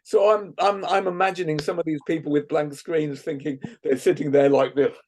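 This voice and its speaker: A man leading a guided laughter exercise over a video call, playful and gently coaxing, often laughing. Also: on the high side, steady tone, moderate pace. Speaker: laughter workshop leader.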